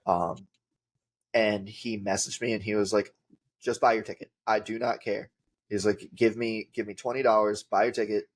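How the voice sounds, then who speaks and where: A man's voice: on the low side, little pitch movement, normal speed, a little hiss or hum. A man, a podcast guest telling rambling casual stories with lots of filler words. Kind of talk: casual storytelling.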